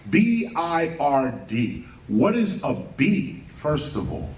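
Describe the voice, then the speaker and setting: Heard from a distance with a faint hiss or hum, this mid-range male voice belongs to someone lecturing impassionedly on a live stream. He's animated, fires off rhetorical questions, spells out words letter by letter, and keeps breaking into laughter as he talks. The room echoes, and he sits well back from the mic.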